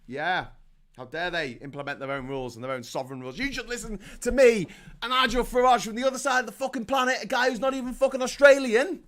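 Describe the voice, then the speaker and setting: A man from Liverpool hosting a sweary, sarcastic comedic rant, with mock voices and shouted peaks. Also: very high voice, fast talker. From Liverpool, England. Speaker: host.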